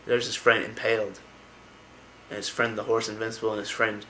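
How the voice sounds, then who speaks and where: Guy rambling thru a story, lots of likes, low-ish but bright voice, faint hiss. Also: level tone, a little fast, rough recording. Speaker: lore video narrator. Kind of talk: casual story retelling.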